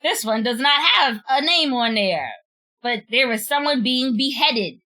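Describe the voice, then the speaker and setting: A woman's voice: high voice, expressive, measured pace, sharp tone. A woman streamer, chatting casually and laughing at herself while trying out French words. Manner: giggly, self-deprecating, drawls out French words. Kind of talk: casual chat while unboxing.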